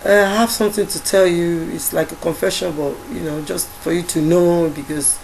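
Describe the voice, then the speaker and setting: Halting Nigerian woman telling a story. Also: on the low side, fairly even intonation, creaky, a little mellow, slight background noise, poor audio. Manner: halting, many fillers and restarts, quotes others in dialogue. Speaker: activist recounting events. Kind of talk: casual spoken storytelling.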